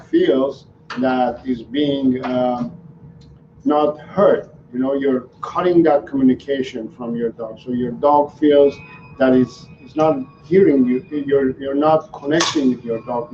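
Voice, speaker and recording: A man's voice: mid-range voice, slight background noise. A male dog trainer answering viewer questions live, explaining in an earnest, repetitive way. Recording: roomy, slightly dull livestream audio.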